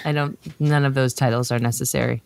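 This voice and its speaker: A woman's voice: rumbling low, steady tone, brisk, creaky, darkish tone, smooth, dry recording. A woman in an improv comedy scene who plays a bossy, exasperated yoga instructor and swears.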